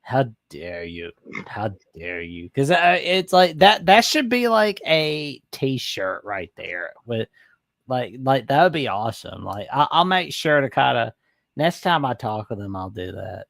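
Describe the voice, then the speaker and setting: A man's voice: mid-range voice, lively intonation, a little slow, creaky, a bit bright, no room sound, clean studio sound. A man co-hosting a casual sports livestream, rambling through his thoughts with lots of restarts. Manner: rambling, many fillers and restarts. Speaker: co-host.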